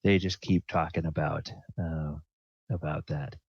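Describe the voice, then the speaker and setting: A man narrating a tabletop game as dungeon master, halting with many fillers. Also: rumbling low, steady tone, gravelly, slightly rough, no echo. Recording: dull dry lo-fi recording.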